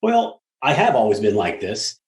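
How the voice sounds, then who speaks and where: An animated, blunt man speaks in an echoey room, his voice on the low side at a moderate pace. He's an apartment syndicator guesting in casual interview talk, telling stories profanely and acting out quoted voices.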